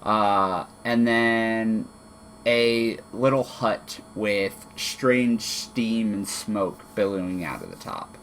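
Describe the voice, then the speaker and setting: A man narrating as game master of a tabletop game, relaxed, with many fillers and restarts. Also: fairly low pitch, slow pace, slight background noise. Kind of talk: narrating a tabletop game over an online call.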